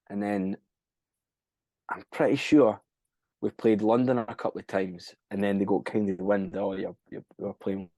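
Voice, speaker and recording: A man's voice: on the low side, steady tone, a little slow, long pauses, dark tone, no echo. A young Scottish man, a band frontman, chatting casually as a podcast guest, rambling, swearing freely and losing track of dates. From Scotland. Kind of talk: casual interview chat.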